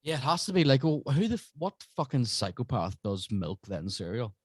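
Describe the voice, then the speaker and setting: A man's voice: mid-range voice, big pitch swings, slightly rough, no echo. Man bantering, dry close sound. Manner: jokey, crude banter, quick bursts. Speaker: podcast guest. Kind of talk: casual podcast chat.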